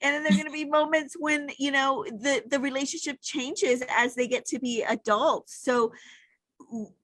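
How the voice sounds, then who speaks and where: Middle-aged woman chatting, heartfelt and reflective, kinda high voice, dry sound. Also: steady tone, normal speed, a bit bright, dry recording. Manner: heartfelt and reflective, gets emotional. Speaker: podcast co-host. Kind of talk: casual chat.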